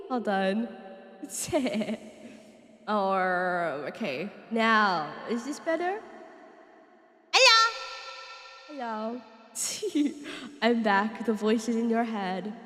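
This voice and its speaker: A woman's voice: fairly high pitch, very animated, extremely slow, long pauses, fairly bright tone. A young woman streaming live, chatting playfully with her viewers and laughing often. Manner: giggly, playful, chatty with chat. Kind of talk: casual live-stream chat.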